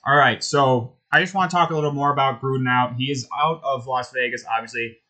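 A man's voice: medium pitch, fairly even intonation, fairly quick, sharp tone. A man hosting a casual sports talk show, blunt and opinionated, with lots of fillers. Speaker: host.

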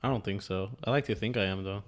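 A young man on a comedy podcast, speaking in a laid-back, low-key casual chat. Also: fast. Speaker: podcast guest.

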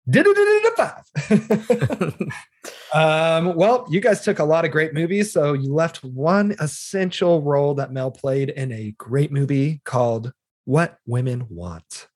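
A man chatting casually as a podcast co-host, animated and quick to laugh. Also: a little high, dry recording, clean studio sound. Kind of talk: casual chat.

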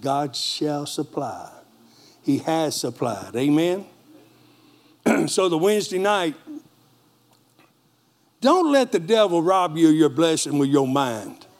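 High-voiced storytelling preacher man. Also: slow pace, pauses often. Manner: energetic storytelling preacher, call-and-response asides. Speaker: pastor. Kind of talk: sermon.

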